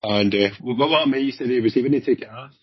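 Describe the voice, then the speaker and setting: A man with a Glaswegian accent, a former police officer, telling hurried, animated stories in a casual chat with some swearing. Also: mid-range voice, husky, dry recording. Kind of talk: casual anecdotal storytelling. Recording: dull lo-fi sound.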